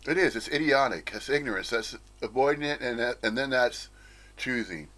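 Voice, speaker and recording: A man's voice: medium pitch, expressive, moderate pace, fairly bright tone. A man giving a blunt, profane, emphatic monologue on spiritual teachings. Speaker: spiritual commentator. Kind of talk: ranting monologue.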